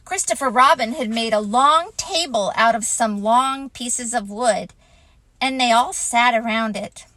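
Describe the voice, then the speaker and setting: A woman reading a children's story aloud in a gentle, unhurried way. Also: on the high side, no room sound, rough recording.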